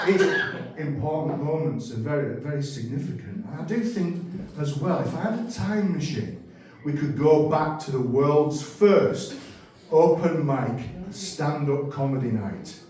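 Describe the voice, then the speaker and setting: A man doing a stand-up comedy set, telling rambling, animated stories and correcting himself as he goes. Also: a little high, a little slow. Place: comedy club stage. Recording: very echoey room, mic at a distance.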